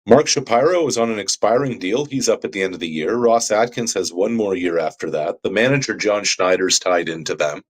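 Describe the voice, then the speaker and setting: A man's voice: fairly low pitch, a little fast, few pauses. A man co-hosting sports talk radio, ranting with passion and firing rhetorical questions.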